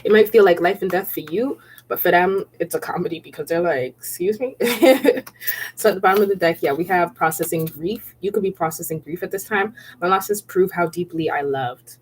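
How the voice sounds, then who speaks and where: A woman with a slightly low voice giving a casual spiritual tarot reading. She is chatty and circles back over her points, checks in with "okay?" and "right?", and often breaks into laughter. A faint hiss runs underneath. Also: normal speed, darkish tone. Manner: laughs often while speaking. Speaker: tarot reader.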